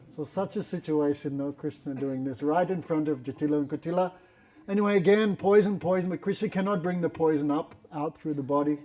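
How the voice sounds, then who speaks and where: A man telling a devotional story in a religious class, animated and laughing often, with non-standard English grammar. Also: fairly high pitch, fast. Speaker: spiritual teacher.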